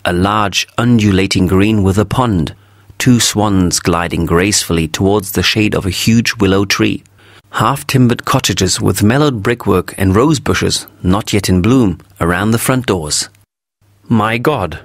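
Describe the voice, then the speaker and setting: Low-voiced male story narrator. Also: unhurried, dry recording, studio quality. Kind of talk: story reading for English learners.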